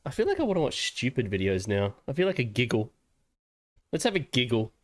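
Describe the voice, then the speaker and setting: A man's voice: mid-range voice, big pitch swings, fairly quick. An Australian man streaming casually, laid-back and giggly, swearing often. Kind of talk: casual livestream chat.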